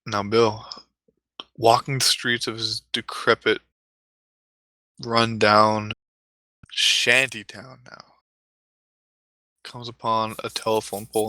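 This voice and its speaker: A man's voice: fairly low pitch, flat delivery, takes it slowly, long pauses, sharp tone, no room sound, poor audio. A man narrating a mock-epic comedic story in a rambling, mock-solemn way, often correcting himself.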